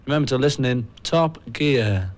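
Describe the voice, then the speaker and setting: Young northern English man, mid pitch, playful mock-posh announcer bits. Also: animated, moderate pace. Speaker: musician guest on radio. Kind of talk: playful radio banter.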